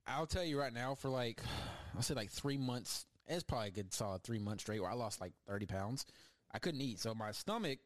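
A man's voice: medium pitch, lively intonation, brisk, dry recording. A young man hosting a podcast, chatting casually and rambling through funny stories. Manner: joking, rambling storyteller. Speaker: podcast host. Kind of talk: casual chat.

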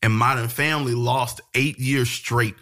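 Animated man chatting on a podcast. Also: medium pitch, measured pace. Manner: animated, laughs often, swears freely. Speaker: podcast co-host. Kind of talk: casual podcast chat.

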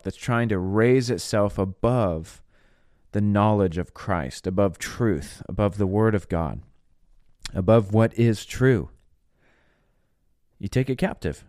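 Man, low voice, earnest podcast preacher, stresses words one by one, dry close sound. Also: a little mellow, no room sound. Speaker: podcast host and minister. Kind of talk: solo podcast teaching.

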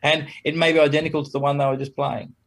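A man's voice: a little high, level tone, fast. A man who plays trumpet, talking casually as an interview guest, chuckling between points and acting out quoted exchanges in a raised voice.

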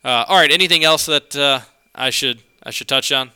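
A man's voice: mid-range voice, a little fast, bright, forceful tone, smooth. A man co-hosting a casual sports podcast, a bit stuffed up from a cold, rambling and correcting himself as he talks. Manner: rambling, conversational, self-correcting. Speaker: podcast co-host.

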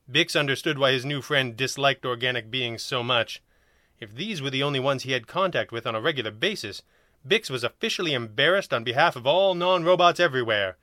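A man narrating a storybook in a lively, wry way. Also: mid-range voice, no room sound, clean studio sound. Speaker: audiobook narrator.

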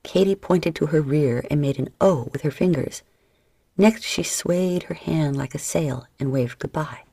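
A woman reading an audiobook as narrator in a steady, scripted way. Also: low voice, unhurried, creaky, slightly rough, no room sound.

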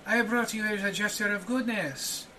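A man's voice: high voice, steady tone, moderate pace, bright, forceful tone, distant mic, a little hiss or hum, voice pushed up. A man putting on a gracious mysterious stranger. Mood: reassuring. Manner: gracious, persuasive, slips into Spanish words. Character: courtly sly man, wary, mysterious.

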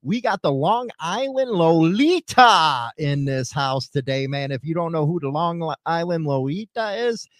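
A man from Chicago hosting a casual radio show, loud, crude and rambling, swinging between shouting and mumbling. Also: on the high side, unhurried, hardly any pauses, no echo, studio quality.

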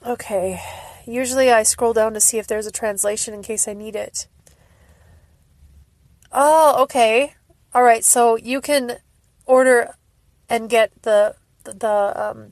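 Woman, fan vlogger, casual chat, gushing and teary, slow unhurried pace, fairly high voice, dry close sound. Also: steady tone, darkish tone, no echo. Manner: emotional, laughing and tearful, gushing. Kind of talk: casual fan vlog reaction.

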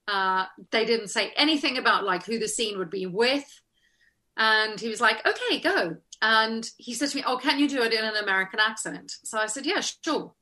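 A middle-aged woman chats as an interview guest, recalling her acting work. Her voice sits slightly high and rings bright and forceful. She tells her stories in an animated way, slipping into the voices of the people she remembers. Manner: animated, laughing storyteller who acts out remembered lines. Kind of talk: casual interview storytelling.

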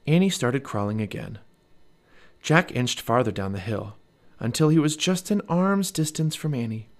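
A man reading a children's storybook aloud as narrator, expressive and animated. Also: mid-range voice, normal speed.

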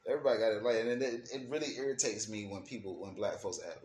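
A man's voice: on the low side, quick pace, darkish tone. Man, African American Vernacular English, casual profane rant, emphatic, repeats himself, echoey room, faint background hum. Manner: slangy, profane, emphatic, repeats words while thinking. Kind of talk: casual opinion rant to camera.

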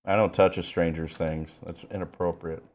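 A man's voice: low-pitched, level tone, normal speed, a little mellow. A young man co-hosting a podcast, talking in crude, mock-folksy, profanity-laced banter. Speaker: podcast co-host.

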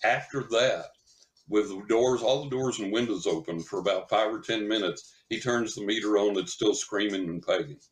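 Animated man telling a story, roomy sound. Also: fairly low pitch, moderate pace. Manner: animated storyteller, laughs while talking. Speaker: psychic medium guest. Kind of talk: storytelling in a podcast interview. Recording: roomy echo.

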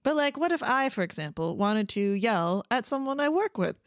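Woman, casual chat, lively swooping pitch, dry close sound. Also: normal speed, no echo. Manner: animated, acts out quoted voices, laughs often.

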